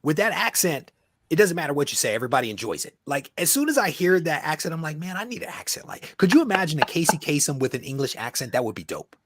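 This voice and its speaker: Lively man hosting a video chat. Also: on the high side, quick pace, no echo, studio quality. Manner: animated, repeats words, laughs often. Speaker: podcast host. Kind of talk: casual interview chat.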